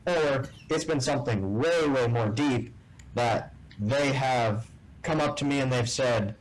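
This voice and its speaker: Animated man telling a story. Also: mid-range voice, unhurried, poor audio. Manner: animated storyteller who acts out quoted dialogue. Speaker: guest, tournament bass angler. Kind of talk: casual storytelling in an interview.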